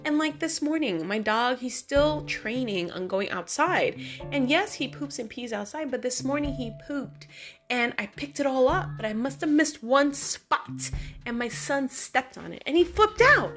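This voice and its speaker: Woman, vlogger, casual storytelling, animated and chatty, lots of fillers, higher voice, faint background music. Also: a little slow. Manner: animated, chatty, many fillers like "like" and "you know".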